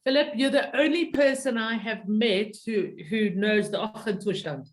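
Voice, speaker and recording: A woman co-hosting an online tasting talks in a chatty, upbeat way and is quick to tease. Her voice sits at a middle pitch for a woman. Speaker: co-host. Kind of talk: casual chat.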